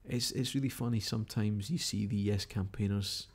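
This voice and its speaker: A man's voice: lowish voice, moderate pace. A Scottish man hosting live overnight results coverage, chatting casually and reading out updates and messages. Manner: chatty, musing, reads out tweets and updates. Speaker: radio-style live broadcast host.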